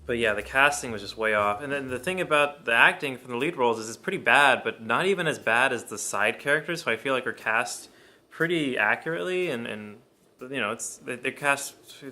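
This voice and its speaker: A man's voice: mid-range voice, bright, forceful tone. A man giving a casual, rambling film review, blunt and full of cursing. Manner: blunt, profane, rambling opinions.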